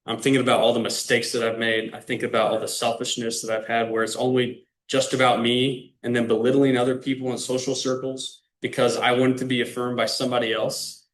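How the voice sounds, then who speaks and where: A young man from Illinois gives a personal faith testimony to a club audience. He speaks in an easy, conversational way and keeps turning to the listeners directly. His voice sits at an ordinary middle pitch. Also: little pitch movement, brisk, few pauses. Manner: casual, earnest, addresses the audience directly. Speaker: guest speaker. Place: club meeting room.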